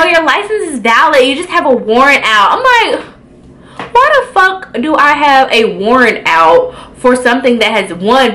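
Bright-voiced young woman telling a storytime. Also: on the high side, poor audio. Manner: animated, profane, acts out her own reactions. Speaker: beauty vlogger. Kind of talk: casual storytime.

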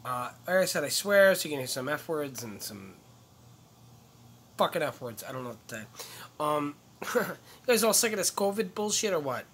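A man rants to a phone camera, swearing hard and rambling between heated outbursts. His voice sits a bit high and sounds bright and tense. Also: sing-song, normal speed, pauses often, slight background noise. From upstate New York. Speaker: comedian. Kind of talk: profane ranting monologue. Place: in or near a truck.

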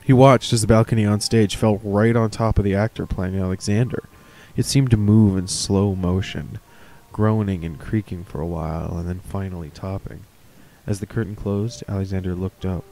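A man's voice: deep voice, fairly even intonation, normal speed, creaky, mellow. A man reading a horror story aloud, with casual, chatty asides. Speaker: reader of stories.

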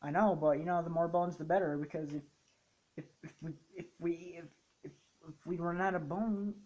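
A woman's voice: on the low side, steady tone, normal speed, a little mellow, muffled recording. A woman playing and commenting on a game in casual let's-play chat, chatty and rambling with playful boasting. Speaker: co-host and player of a gaming channel.

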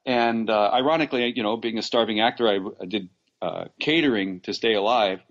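A man's voice: fairly low pitch, brisk, a bit bright, muffled recording. A man from Los Angeles, an actor being interviewed, telling long stories with many restarts and fillers and frequent laughs. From Los Angeles, USA. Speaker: actor, podcast guest. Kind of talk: casual interview storytelling.

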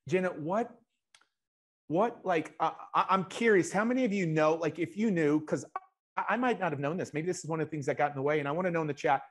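A man hosting a live interview show, energetic, often restarting and speaking to the chat audience. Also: fairly high pitch, fast. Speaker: show host.

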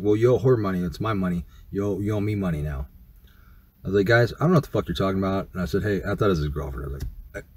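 A man's voice: low voice, a little mellow. A man telling a personal story in a casual, rambling, profane way, full of fillers and restarts.

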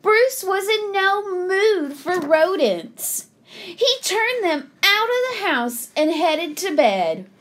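A woman reading a picture book aloud to children, expressive and sing-song. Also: very high-pitched, slow. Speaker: children's story reader.

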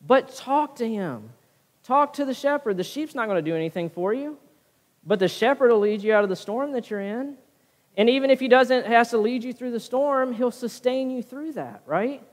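A man's voice: very high-pitched, animated, fairly quick, in a large hall. A man preaching a sermon as pastor, often checking in with his listeners with a "right?". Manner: preaching with frequent "right?" tag questions. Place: church sanctuary.

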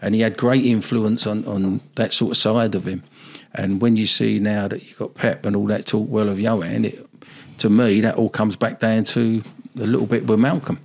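A man's voice: fairly low pitch, little pitch movement, normal speed, vocal fry, a little mellow. An older man, a former football manager, telling rambling anecdotes in a casual interview.

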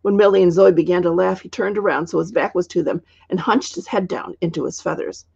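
Gravelly-voiced woman reading a storybook. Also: lowish voice, no room sound, lo-fi sound. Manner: steady, measured narration. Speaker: author reading her book.

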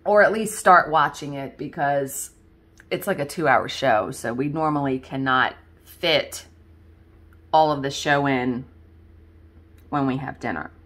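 A woman's voice: extremely low pitch, a little slow, fairly bright tone. A woman chatting casually to viewers as she works on a craft, rambling with lots of fillers and laughs. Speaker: craft video host. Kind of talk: casual chat while crafting.

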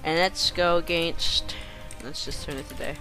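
Over background music, a woman with a low voice gives laid-back gameplay commentary at a normal pace. She playfully teases the game's creatures and erupts into excited yells now and then.

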